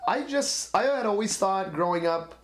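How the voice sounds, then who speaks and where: A man's voice: high-pitched, lively intonation, moderate pace. A man from the countryside in casual, crude chat, joking and acting out bits in silly voices. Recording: echoey room with faint noise.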